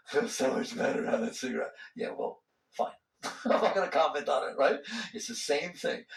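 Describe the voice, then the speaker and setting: A man giving a spiritual talk to an audience, conversational and animated, acting out the voices inside people's heads. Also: medium pitch, gravelly, distant mic. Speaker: spiritual teacher. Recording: roomy hall sound, voice from off-mic.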